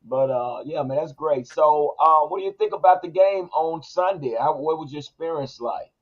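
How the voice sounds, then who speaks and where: A man hosting a casual podcast, easygoing and quick to agree. His voice is husky and sits a little high. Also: lo-fi sound. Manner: laid-back, agreeable, says man and bro a lot. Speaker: podcast host. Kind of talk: casual chat.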